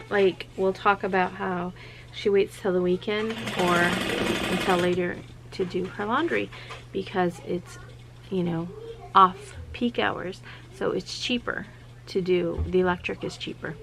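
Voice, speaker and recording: A woman hosting a casual vlog, talking in a chatty, rambling way and acting out quotes in a high voice. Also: creaky, a bit bright. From South Carolina, US. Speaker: channel host. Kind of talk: casual chat to camera.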